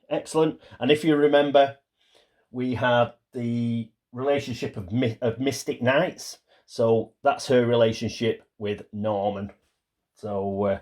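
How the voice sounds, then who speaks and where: A man's voice: medium pitch, mellow. Chatty man explaining a board game. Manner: chatty, stumbles and restarts while reading small card text. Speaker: board game player and channel host. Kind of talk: casual solo playthrough commentary, reading cards aloud.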